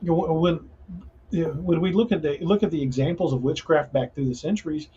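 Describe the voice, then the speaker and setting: A man's voice: fairly high pitch, fairly quick, dark tone, dull audio, a little hiss or hum. A man hosting a casual paranormal podcast, talking earnestly and restarting his sentences often. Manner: rambling, frequent restarts, earnest. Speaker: podcast host.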